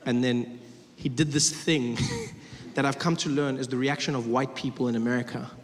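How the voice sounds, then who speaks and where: A man's voice: medium pitch, moderate pace, long reverb tail, slight background noise. A man doing stand-up comedy, telling a story and acting out the other people in it. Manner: animated, acts out both sides of the story in voices.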